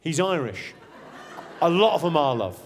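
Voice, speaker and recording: Doing crowd work in a large hall packed with a loud audience, a male stand-up comedian teases people in a brash, profane way. His voice sits fairly high, and he's very animated while keeping a normal speed.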